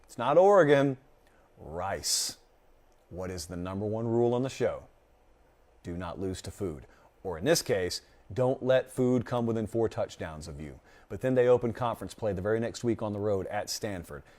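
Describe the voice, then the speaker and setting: A man's voice: lowish voice, lively intonation, moderate pace, darkish tone. A man hosting a sports talk show, reading viewers' takes and answering them with opinionated, sarcastic asides. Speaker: host.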